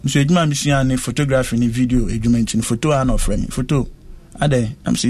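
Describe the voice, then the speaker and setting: A man's voice: medium pitch, steady tone, fast, darkish tone, no room sound. Earnest man telling his story. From West Africa. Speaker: interviewee. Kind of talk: recounting a personal ordeal in conversation.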